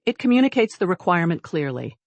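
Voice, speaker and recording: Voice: mid-range voice, big pitch swings, fast talker, creaky, no room sound. A narrator voicing a cold, ruthless man, a billionaire CEO, in clipped, commanding lines in a storybook reading.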